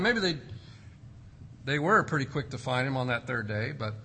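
Male preacher, high bright voice with a husky edge, emphatic, rhetorical. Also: very animated, rough recording. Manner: emphatic, rhetorical questions, drawn-out stressed words. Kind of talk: expository sermon.

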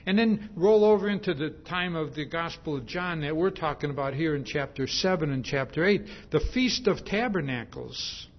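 A man's voice: a little high, expressive, normal speed, few pauses. A male preacher giving a sermon, emphatic and repetitive, stressing his points with a repeated "see?". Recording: dull lo-fi sermon recording.

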